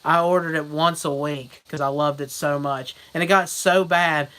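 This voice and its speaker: A young man talking straight to his viewers in a loose, rambling vlog, stacking one anecdote onto the next and laughing at his own jokes. His voice is bright and forward, and he keeps breaking into loud, mocking voices before dropping back to plain chat. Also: on the high side, fairly even intonation, normal speed, clear, resonant tone, rough recording. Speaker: vlogger. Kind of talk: casual storytelling vlog.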